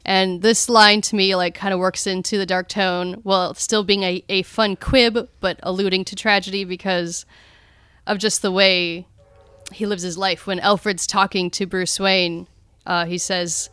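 A woman chatting on a podcast in a medium-pitched voice, speaking with strong, emphatic opinions. The mic is close and dry, with no room sound. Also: little pitch movement, unhurried, fairly bright tone, smooth, no echo. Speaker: podcast co-host. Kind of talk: casual podcast chat.

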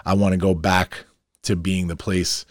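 A man's voice: sits low, flat delivery, unhurried, no echo. Brash opinionated man, dry close mic. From New York. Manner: opinionated, brash, gets loud and fired up. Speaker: podcast host. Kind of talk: solo podcast monologue.

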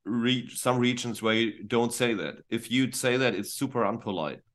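A man from northern Germany speaks English with a German accent. He chats casually as a podcast guest, telling stories in an animated way with lots of quick restarts. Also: medium pitch. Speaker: guest musician.

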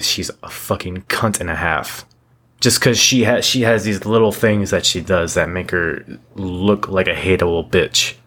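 A man's voice: sits low, fairly bright tone. A young man co-hosting a podcast, ranting in blunt, profane casual chat, full of restarts. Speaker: podcast co-host.

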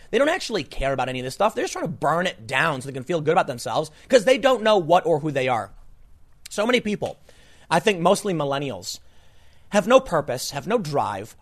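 A man in his thirties with a somewhat higher voice, talking through a political commentary monologue. He sounds incredulous and emphatic, his pitch jumping sharply up on his disbelieving questions before dropping low again. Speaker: podcast host and commentator.

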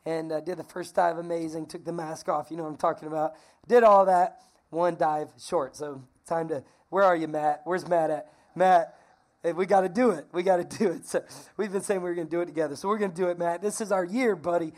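A woman pastor preaching a lively, conversational sermon, calling on the congregation to repeat phrases. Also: on the low side, fast talker, few pauses. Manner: energetic, conversational, calls for congregation responses.

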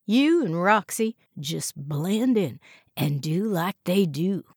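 A woman doing a low folksy farmhand. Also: expressive, slow, a little mellow, breathy edge, no echo, studio quality, exaggerated voice. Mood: low, steady. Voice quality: folksy, drawling. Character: gruff, soft-spoken male farmhand.

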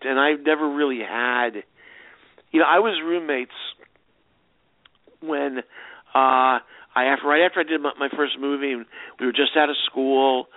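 A man's voice: medium pitch, no room sound. A man, a film director being interviewed, rambling through anecdotes with many restarts and fillers. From United States. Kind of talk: casual interview answers. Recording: dry, tinny phone-line sound.

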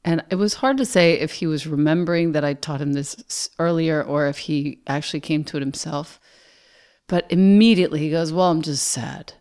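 A woman's voice: sits low, brisk, a little mellow, clean tone. A woman in a casual conversation, reflecting thoughtfully on emotions and her son. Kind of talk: casual chat.

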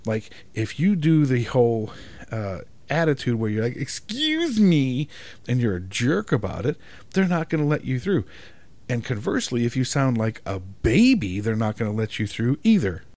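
A man in a profanity-laced rant, speaking to camera, exasperated and emphatic. His voice sits at a middle pitch but swings up and down a lot. He keeps checking in with "right?". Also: sing-song, normal speed, darkish tone, no echo. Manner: exasperated, emphatic, swears constantly; keeps asking "right?" for agreement. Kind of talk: profane ranting monologue.

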